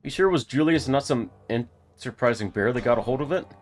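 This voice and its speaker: A man's voice: medium pitch, expressive, fast, close to an everyday voice. A man voicing a patronizing middle-aged small-town sheriff who talks down to people. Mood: condescending.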